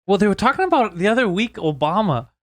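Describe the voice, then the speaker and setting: A man's voice: high voice, sing-song, fast talker, dry recording. A man co-hosting a comedy podcast, telling stories in casual, profane chat. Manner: swearing, storytelling with laughs. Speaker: podcast co-host.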